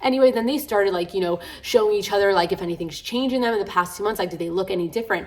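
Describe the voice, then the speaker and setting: A woman talks fast through a casual reading vlog. She gushes and rambles, filling her sentences with "like" and the occasional curse. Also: mid-range voice, a little mellow. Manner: gushing, rambling with frequent "like" and swearing. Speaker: book vlogger.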